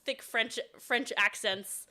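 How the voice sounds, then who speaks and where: A woman's voice: a little high, slow pace, sharp tone. A woman narrating as dungeon master in a tabletop game, chatty and laughing often. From studied at a university.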